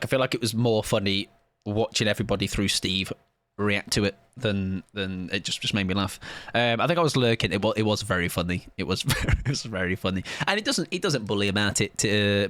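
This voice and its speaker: A man's voice: lowish voice, fairly bright tone, no room sound. A man chatting casually on a live game stream, joking and rambling with plenty of self-mockery. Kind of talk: live gaming stream chat.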